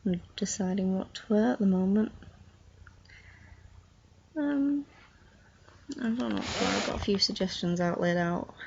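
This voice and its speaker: A woman's voice: medium pitch, unhurried, gravelly, long pauses, slightly rough, highs cut off. A young woman chatting casually in a vlog while lying in bed, sleepy and yawning, drifting from thought to thought. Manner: drowsy, meandering, soft-spoken. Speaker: vlogger.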